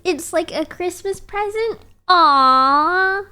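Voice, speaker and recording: A woman streamer with a high voice chats casually into a desk mic. She speaks at a relaxed, unhurried pace, reading viewer messages aloud and answering with playful teasing.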